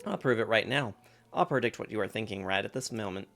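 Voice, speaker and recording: A man's voice: on the low side, fast, gravelly, fairly bright tone. A man voicing a grand, theatrical ancient female fairy spirit from a video game, reading her lines aloud in a playful, dramatic way. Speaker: streamer reading game dialogue.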